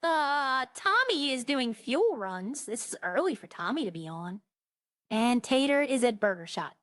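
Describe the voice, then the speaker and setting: A woman's voice: a little high, big pitch swings, unhurried, fairly bright tone, dry recording, studio quality. A woman streaming a game, chatting casually with viewers and thinking aloud in a rambling way. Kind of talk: casual gameplay chat to viewers.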